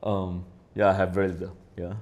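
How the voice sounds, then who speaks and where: A man talking as a podcast guest in casual chat. He rambles, swears often and keeps asking "right?", swinging between loud and quiet. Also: deep voice, level tone, fairly quick.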